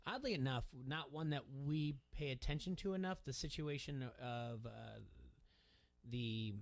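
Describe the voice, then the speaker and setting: A male radio host who talks in a rambling, emphatic way and often repeats words. His voice sits at an ordinary middle pitch. He holds the floor in a loose talk-show back-and-forth. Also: animated, a little slow, vocal fry.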